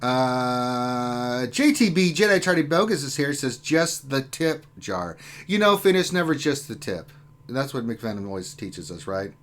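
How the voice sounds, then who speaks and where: A man's voice: medium pitch, very animated, measured pace, a bit bright. A man hosting a lunchtime gaming live stream, joking around and reading out viewer comments in a casual chat. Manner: joking, banter-filled.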